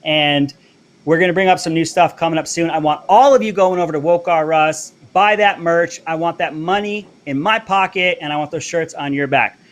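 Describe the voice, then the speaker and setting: A man hosting a live political commentary stream, talking brashly and fast. His voice sits high for a man. He plugs his merch between rants. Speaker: show host. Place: Florida.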